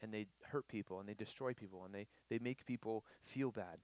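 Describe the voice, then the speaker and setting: A young man preaching a casual youth sermon, animated, with many fillers and acted-out quotes. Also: fairly low pitch, fairly quick. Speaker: youth pastor. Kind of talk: sermon to students.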